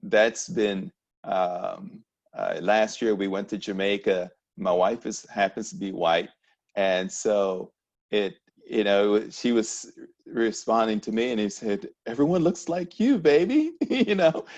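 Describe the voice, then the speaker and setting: A man from Panama with a Panamanian accent, speaking at a town hall discussion in a reflective, halting way with many restarts. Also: fairly low pitch, dull audio.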